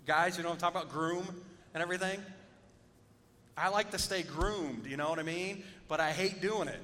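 A man's voice: fairly quick, sharp tone. A man preaching a sermon as a pastor, conversational and joking, calling out to his congregation. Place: church sanctuary. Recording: reverberant hall with faint rumble.

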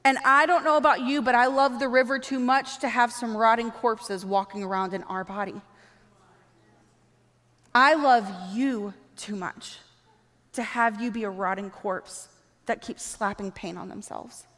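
A woman preaching a sermon, animated and acting out quoted dialogue as she speaks. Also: on the high side, a little slow. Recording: long reverb of a large hall.

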